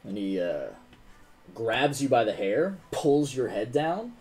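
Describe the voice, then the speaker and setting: A man's voice: mid-range voice, very animated, takes it slowly, darkish tone. A man narrating a tabletop game as game master, casual and filled with "like" and "um".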